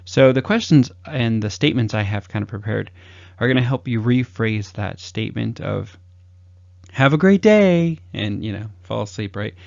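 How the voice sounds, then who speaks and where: A man's voice: on the low side, steady tone, moderate pace, gravelly, a little mellow, no room sound. A man giving casual talk-style advice on conversation, chatty and loose with many fillers, acting out upbeat sample greetings. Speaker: communication advice host. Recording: dull lo-fi dry recording.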